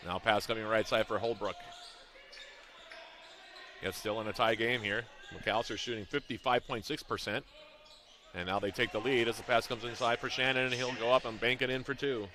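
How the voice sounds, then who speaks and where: A man calling a college basketball game play-by-play, reading out plays, scores and shooting stats in a brisk, rhythmic way. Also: mid-range voice, fairly even intonation, pushed and bright. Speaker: play-by-play announcer.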